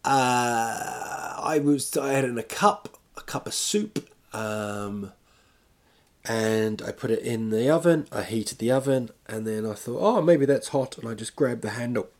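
A man's voice: mid-range voice, measured pace. A man rambling in casual, self-mocking chat as a podcast host, talking from home while recovering from illness.

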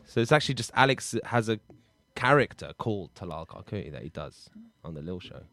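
A man's voice: lowish voice, very animated, fairly quick, a bit bright. A British man hosting an improv comedy podcast, chatting in a jokey, rambling way. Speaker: host.

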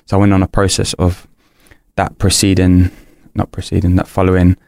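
A man's voice: low-pitched, monotone, moderate pace, creaky, a little mellow, no echo, studio quality. A young man, a podcast guest, candidly telling a personal story in an earnest, rambling way, full of restarts and fillers.

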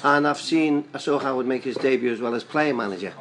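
A man's voice: mid-range voice, quick pace, a crowd in the background, poor audio. An older man telling a long, chatty, rambling story as a guest on a talk show. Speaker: guest fan. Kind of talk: casual storytelling.

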